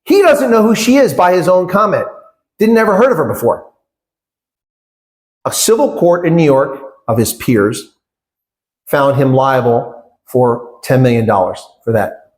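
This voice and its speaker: A man's voice: a little high, animated, a little slow, long pauses, darkish tone. A middle-aged man answering interview questions in a conversational way, emphatic and indignant, with rhetorical questions and short laughs. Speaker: interview guest, former election candidate.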